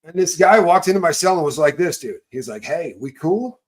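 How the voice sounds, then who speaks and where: A man, host of an online call, telling a story in rambling casual chat that swings between loud bursts and low mutters. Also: lively intonation, quick pace. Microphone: video call.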